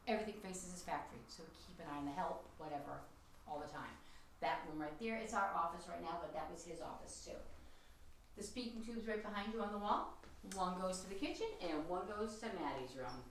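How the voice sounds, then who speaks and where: Chatty woman tour guide with a low, gravelly voice, telling ghost stories, recorded from a distance in an echoey room. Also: fairly quick, a little hiss or hum. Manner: chatty, animated storytelling with quoted voices. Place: old house, indoors.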